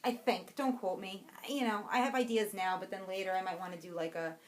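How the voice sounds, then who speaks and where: A young adult woman co-hosting a podcast, chatting casually and excitedly about yarn she bought, rambling and breaking off her own sentences. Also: medium pitch, brisk. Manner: bubbly, rambling, self-interrupting. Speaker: podcast co-host.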